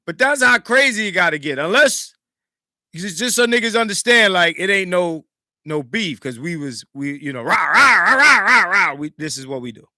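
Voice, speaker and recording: Animated high-voiced podcast host. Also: male voice, normal speed, no echo, clean studio sound. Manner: animated, emphatic, swings between loud and hushed. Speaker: podcast host reacting to a clip. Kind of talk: casual commentary.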